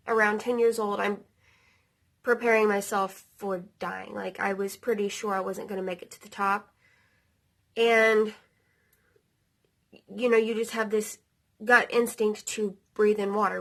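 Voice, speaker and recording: A woman in her thirties tells a personal story straight to her audience, loose and chatty, with plenty of fillers and the odd curse. Her pitch sits in the middle for a woman. Feeling comes through as the story gets heavier. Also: gravelly, fairly bright tone. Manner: casual, lots of fillers like "like" and "um", occasional swearing; emotional, near tears. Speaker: vlogger.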